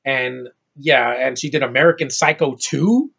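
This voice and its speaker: Man, husky voice, middle pitch, rambling profane movie rant. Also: a little slow, bright, forceful tone. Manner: blunt, profane, rambling with restarts. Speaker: movie reviewer. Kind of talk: ranting film review.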